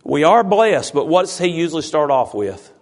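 A man's voice: a little high, big pitch swings, normal speed. A man, a pastor giving an informal sermon and teasing his congregation with questions.

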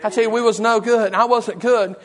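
High-voiced preacher. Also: male voice, steady tone, brisk. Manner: impassioned, repetitive, emotional preaching. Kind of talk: fervent sermon.

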